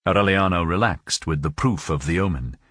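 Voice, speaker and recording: A man narrating a novel as an audiobook, in a measured, expressive storytelling manner. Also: low voice, dry recording, studio quality.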